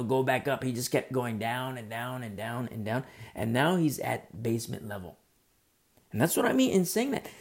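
A man's voice: mid-range voice, darkish tone. A male preacher delivering a sermon with earnest storytelling, often restarting his phrases.

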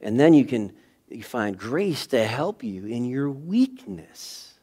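A middle-aged male pastor delivering a sermon in a church, telling a personal story with lively, animated delivery and sudden swings between loud and soft. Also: medium pitch, slow pace, slightly rough. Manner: animated storytelling, acting out scenes with sudden shifts in loudness. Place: church sanctuary.

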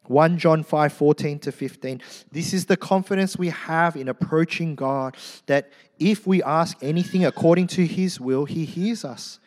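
Animated preacher in a reverberant hall. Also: male voice, fairly high pitch, moderate pace, hardly any pauses. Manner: animated storyteller, acts out crowd voices. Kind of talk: sermon.

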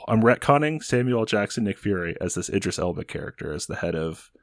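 A man's voice: on the low side, animated, quick pace, dry recording, studio quality. A young man co-hosting a casual comedy podcast, rambling through a story with many fillers. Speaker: podcast co-host pitching a movie sequel.

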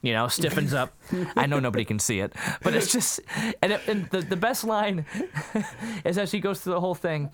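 Male podcast co-host, lively storyteller, dry close sound. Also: normal speed, dry recording. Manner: animated storyteller, acts out quotes with jumpy pitch. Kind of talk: casual chat recapping a movie.

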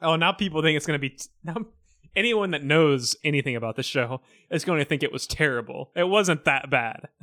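A man's voice: a little high, fairly quick, sharp tone, no room sound, studio quality. A man co-hosting a movie podcast in casual chat, goofy and joking, often backpedaling. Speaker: podcast co-host.

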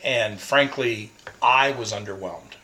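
A man's voice: fairly low pitch, takes it slowly, pushed and bright, poor audio. A man co-hosting a casual chat, speaking in short, dry remarks. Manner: dry, terse. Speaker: co-host.

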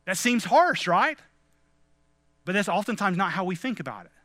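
A man delivers a devotional message with a sincere, earnest preacher's manner. His voice sits high and sounds bright and forward. He keeps turning to his listeners as friends. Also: very animated, moderate pace, no room sound.

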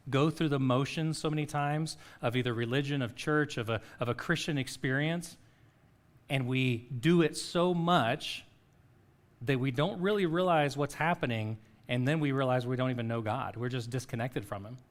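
A middle-aged man preaching a sermon as pastor, earnest and questioning, dropping to a soft, slow voice to lead a quiet reflection. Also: mid-range voice. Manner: soft-spoken guided reflection, pauses between phrases.

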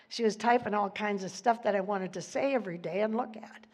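A woman's voice: medium pitch, a little fast, darkish tone. A woman giving an informal, chatty sermon, laughing often and losing her place in the text, leaning hard on key words. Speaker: preacher.

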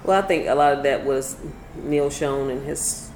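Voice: mid-range voice, moderate pace, darkish tone, echoey room, slight background noise, poor audio. A guest in a casual chat, blunt and opinionated.

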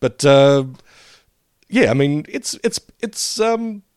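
A man's voice: fairly high pitch, animated, takes it slowly, a little mellow, clean tone, dry recording, studio quality. Wry, sweary man chatting. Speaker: podcast co-host. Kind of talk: casual chat reviewing a cartoon episode.

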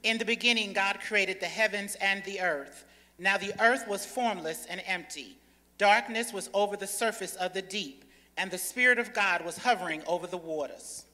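A woman serving as a pastor, reading scripture aloud in a slow, measured way. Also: medium pitch, pushed and bright. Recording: long church reverb, voice heard from far off.

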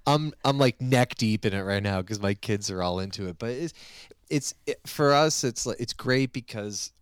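A man's voice: mid-range voice, normal speed, smooth, no room sound, clean studio sound. A man in his thirties from the United States, chatting and joking as a podcast co-host. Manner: animated, joking, swears casually. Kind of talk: casual chat.

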